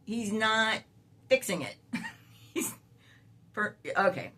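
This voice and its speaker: A woman's voice: medium pitch, big pitch swings, slow pace, bright, forceful tone. An older woman, a great-grandmother, telling a story in a casual vlog with sassy, exasperated remarks and frequent laughter. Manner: laughs often while talking. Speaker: vlogger.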